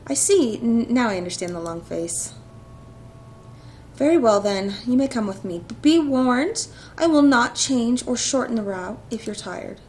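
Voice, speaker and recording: A duty-bound male guard captain who speaks in stiff, formal sentences, as a woman reads him aloud. The voice sits a bit high, and a faint rumble hums in the background. It is a straight visual novel reading. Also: expressive, a little slow, a little mellow. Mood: dutiful.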